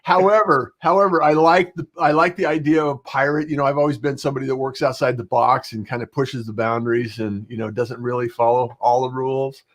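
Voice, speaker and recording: A man's voice: mid-range voice, steady tone, fairly quick, few pauses. A middle-aged man hosting a podcast, chatting casually and rambling with frequent fillers. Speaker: podcast host. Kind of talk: casual interview chat.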